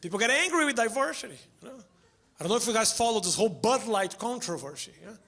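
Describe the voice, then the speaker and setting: Man, stand-up comedian, very high pitch, lively swooping delivery, acts out voices. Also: creaky. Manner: animated, acts out voices in quick bursts. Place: comedy club stage with audience.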